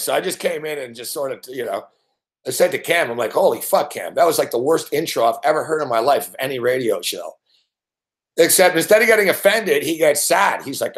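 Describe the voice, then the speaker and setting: A man hosting a sports betting show, telling a story in a casual way, swearing constantly and laughing often. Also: a little high.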